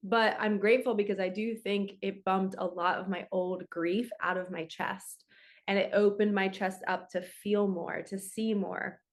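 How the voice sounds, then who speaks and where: A woman's voice: medium pitch, fairly even intonation, a little slow. Casual woman, 30s, spiritual reader. Chatty, flowing, conversational. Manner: chatty, flowing, heavy on "like" and "right". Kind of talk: casual card reading talk.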